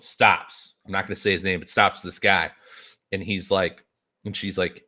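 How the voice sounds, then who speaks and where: Brief: deep-voiced male podcast host, bright forceful tone, profane rambling storyteller. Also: steady tone, normal speed. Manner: profane, rambling, lots of filler words. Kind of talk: casual storytelling chat.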